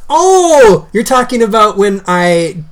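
Low-voiced woman co-hosting a podcast, jokey, teasing, laughs a lot. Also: expressive, moderate pace. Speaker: podcast co-host. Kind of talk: casual chat.

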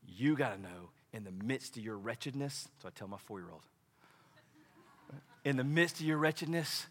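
Animated preaching man, bright tone. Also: mid-range voice, normal speed, long pauses, long reverb tail. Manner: animated, conversational preaching with dramatic quoted voices. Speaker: pastor. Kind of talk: sermon.

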